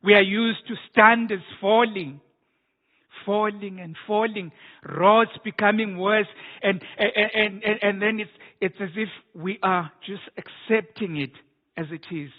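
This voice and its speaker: A man's voice: sits high, steady tone, a little slow. A male preacher, delivering an emphatic sermon with repeated words and restarts. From South Africa. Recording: phone-like narrow band.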